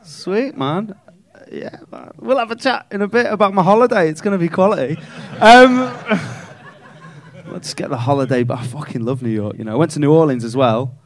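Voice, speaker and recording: A man's voice: on the high side, animated, normal speed. A male stand-up comedian, doing cheeky, sweary crowd work from a comedy club stage.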